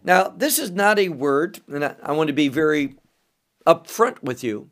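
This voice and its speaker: A man teaching the Bible verse by verse, deliberately explaining Hebrew words as he goes. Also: a little high, expressive, fairly bright tone.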